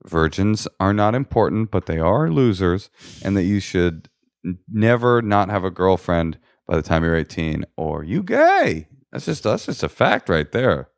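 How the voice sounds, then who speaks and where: A man's voice: low voice, animated, normal speed, no echo, clean studio sound. A man co-hosting a comedy podcast, giving advice in a jokey, playful way and slipping into silly voices. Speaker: podcast co-host. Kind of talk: casual comedic advice chat.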